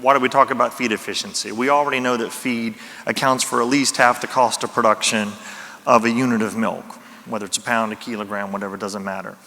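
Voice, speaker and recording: A man's voice: mid-range voice, fairly even intonation, fast talker, vocal fry, bright, forceful tone. A man with a Louisiana accent giving a conference talk, folksy and self-deprecating. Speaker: conference speaker. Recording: reverberant hall.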